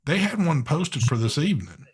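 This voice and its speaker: A man's voice: on the high side, very animated, normal speed, husky. A man hosting a live online show in casual chat, talking in an easygoing, drawling way with frequent fillers. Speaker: host of a live vape show.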